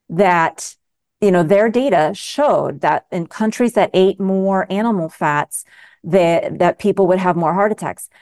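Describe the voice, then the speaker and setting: A woman's voice: medium pitch, a little mellow. A middle-aged woman physician speaking as a guest in a casual interview, emphatic and passionate, often restarting her sentences.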